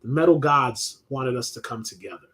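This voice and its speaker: A man's voice: mid-range voice, a little fast, fairly bright tone. A middle-aged man, hosting a loose live chat, reading viewer questions and talking sports with lots of swearing and restarts. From New York. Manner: laid-back, swears freely, many restarts and laughs. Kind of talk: casual live-stream chat.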